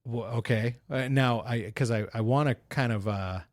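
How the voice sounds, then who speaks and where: A man's voice: mid-range voice, no echo, studio quality. A man co-hosting a podcast, chatting casually, hesitant with restarts as he steers the topic. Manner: halting, many fillers and restarts, leads topics. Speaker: podcast co-host.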